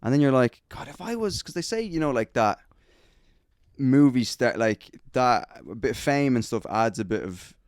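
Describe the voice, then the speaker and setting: Man, Dublin accent, podcast co-host, rambling profane chat, rich gravelly voice, dry close sound. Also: mid-range voice, moderate pace, darkish tone, no echo. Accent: Dublin Irish. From Dublin, Ireland. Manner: rambling, profane, full of restarts. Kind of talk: casual chat. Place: garden shed studio.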